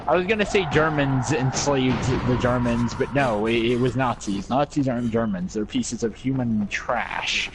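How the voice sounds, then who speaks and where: A man's voice: medium pitch, moderate pace, hardly any pauses. Young man, casual podcast chat, rambling and joking, faint background hiss. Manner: rambling, joking, many restarts. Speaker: podcast co-host.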